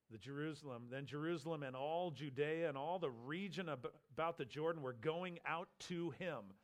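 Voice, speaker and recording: A man's voice: on the high side, clear, resonant tone. A man preaching an expository sermon, explaining a Bible passage and briefly acting out the voices he quotes. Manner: animated teaching, acts out quoted voices.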